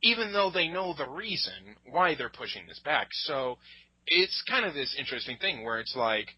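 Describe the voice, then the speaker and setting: A man's voice: on the high side, very animated, moderate pace, sharp tone, slightly rough, dry recording, rough recording. A man hosting a casual gaming podcast, chatting loosely with frequent laughs and swearing. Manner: laughs often, loose and profane. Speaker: podcast host.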